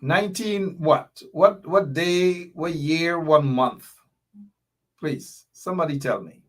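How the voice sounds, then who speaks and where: A man's voice: fairly high pitch, takes it slowly, a bit bright. A middle-aged man with a Guyanese accent hosting a political commentary livestream, impassioned and reading viewer comments aloud. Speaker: show host.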